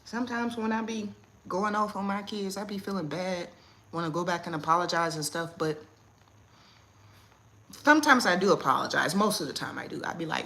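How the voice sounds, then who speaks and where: Woman, AAVE speaker, livestream host; bright, slightly low voice; chatty and quick to laugh. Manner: chatty, laughs often, reads viewer comments. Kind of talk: casual live chat with viewers. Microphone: phone or webcam on a livestream.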